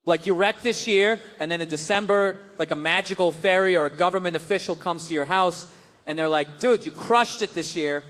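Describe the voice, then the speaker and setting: A man doing stand-up in a raised, high-pitched register, ranting with sardonic exasperation. He switches into quick acted-out voices of the people in his stories between his grumbling complaints. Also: fairly bright tone. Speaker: stand-up comedian. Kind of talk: stand-up comedy set.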